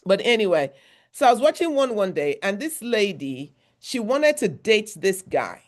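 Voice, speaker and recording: A woman's voice: mid-range voice, big pitch swings, normal speed. A woman from Nigeria, a therapist giving a motivational workshop talk in a conversational, repetitive style with emphatic asides.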